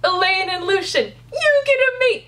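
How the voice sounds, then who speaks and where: A woman's voice: extremely high pitch, animated, moderate pace, a bit bright, pitched above the performer's own voice. A woman quoting a young heroine in a mock-dramatic voice during her book review. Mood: giddy.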